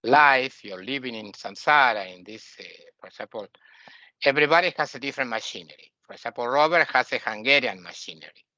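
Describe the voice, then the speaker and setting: A man with an Argentinian Spanish accent teaches a spiritual lesson in English, his voice bright and forward. He talks in an animated, repetitive way, tossing off mocking asides. The sound is dry and a little dull, with no room around it. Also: medium pitch, fairly quick, no room sound. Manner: animated, repeats words, mocks the ego in asides.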